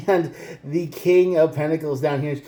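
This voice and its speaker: Speaking straight to the viewer, this tarot reader delivers his reading in a blunt, forceful way. His voice is warm and medium in pitch, and the recording carries the echo of the room.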